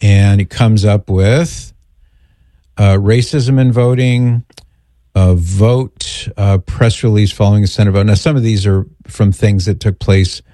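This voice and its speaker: Relaxed low-voiced male radio host. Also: a little slow, no echo. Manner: relaxed, joking, explains at length. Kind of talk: call-in radio talk.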